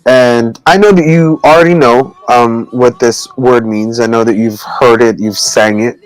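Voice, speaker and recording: A man co-hosting a casual video call chat, teaching Tagalog words in a halting, rambling way with many fillers and frequent laughs. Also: medium pitch, fairly even intonation, no room sound, low-quality recording. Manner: laughs often between words.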